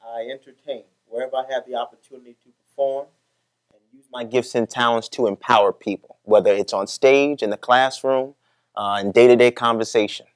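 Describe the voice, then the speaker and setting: A young man answers interview questions in a polished, articulate manner, as if well rehearsed. His pitch sits in the middle. The sound is dry and close. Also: fairly even intonation, brisk, dry recording. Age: young adult. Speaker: guest speaker.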